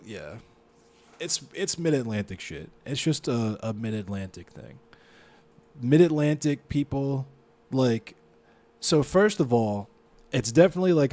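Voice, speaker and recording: A man with a Baltimore accent, streaming live, reading a news story aloud and reacting to it with a lot of swearing. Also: medium pitch. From Baltimore, United States. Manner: profane, reacts loudly to what he reads.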